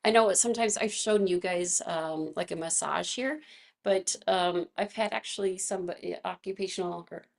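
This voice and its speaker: Her low-leaning voice is gravelly and a touch froggy from tiredness as she talks at a normal speed. She's hosting a casual live movement class online, gentle, chatty, and quick to laugh.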